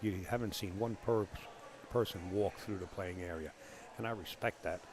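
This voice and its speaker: A lowish-voiced man with a thick Bronx New York accent calls a pool match live, teasing his co-workers in between the shots. He sits alone in a small commentary room, with a faint hum of the venue around him. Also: normal speed. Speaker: billiards commentator.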